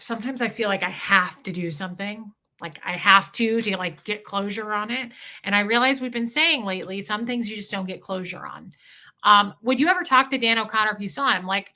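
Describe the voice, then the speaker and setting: A woman's voice: mid-range voice, bright, forceful tone. A woman hosting a livestream, talking candidly and emotionally about her past, swearing freely. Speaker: livestream host.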